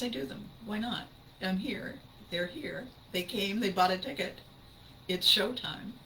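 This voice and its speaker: A woman's voice: medium pitch, bright, forceful tone, a little hiss or hum, low-quality recording. An older woman, a voice actress hosting her podcast, telling stories in an enthusiastic, emphatic casual monologue.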